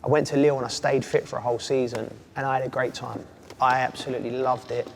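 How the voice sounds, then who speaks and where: A man, a former footballer telling animated stories as an interview guest. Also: medium pitch, fast, creaky. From England. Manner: animated storyteller, does voices and laughs. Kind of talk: casual chat. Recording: long reverb, faint ambient noise.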